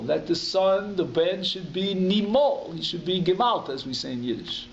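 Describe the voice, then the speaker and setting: Rabbi guy teaching talmud, fairly high voice, echoey dull room sound, keeps rephrasing things. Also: animated, normal speed, gravelly, a little hiss or hum. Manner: explains step by step, restates terms in English. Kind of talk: conversational Talmud lecture. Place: community synagogue hall.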